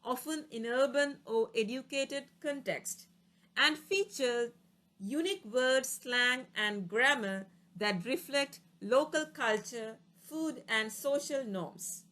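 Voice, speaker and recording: A woman's voice: high voice, slow, a bit bright. A woman reading an English vocabulary lesson, going through word lists, each with a plain explanation and an example sentence. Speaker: English teacher.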